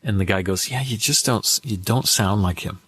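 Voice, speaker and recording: Brief: low-pitched man, voice actor guest, lively storyteller, dry close mic. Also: a little fast, husky, no room sound. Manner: animated anecdotes with acted-out quotes. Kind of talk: casual interview storytelling.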